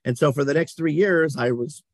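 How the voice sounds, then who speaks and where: A middle-aged man, a company CEO, telling stories in a casual interview, animated, often laughing and acting out what people said. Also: fairly high pitch, moderate pace, no room sound.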